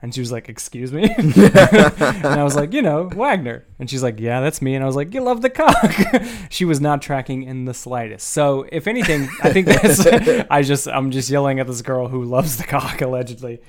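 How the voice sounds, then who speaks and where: A man co-hosting a casual podcast, laughing often and chiming in with quick agreement. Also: mid-range voice, a little hiss or hum. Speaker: podcast co-host.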